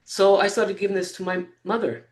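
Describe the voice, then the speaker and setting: A man in his sixties, a guest in an interview, telling a personal story in a halting way, with fillers and soft laughs between phrases. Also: high-pitched, flat delivery. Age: 60s.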